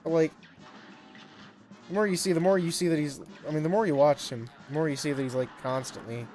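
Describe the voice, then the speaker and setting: A man's voice: fairly high pitch, fairly even intonation, brisk, darkish tone, soft background music. A man giving casual, rambling commentary while streaming a game, laughing often and poking fun at himself.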